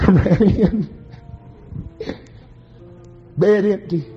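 A preacher with a high voice delivers a revival sermon in slow, drawn-out phrases. He swings from quiet storytelling to shouted, chanting peaks. The recording is muffled, with faint music behind him.

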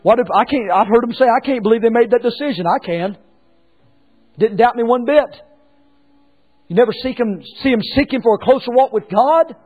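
Impassioned high-voiced preacher. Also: male voice, normal speed, pauses often, husky, narrow, tinny audio, soft background music. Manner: impassioned preaching, swings from hushed to shouted. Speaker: pastor. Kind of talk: sermon.

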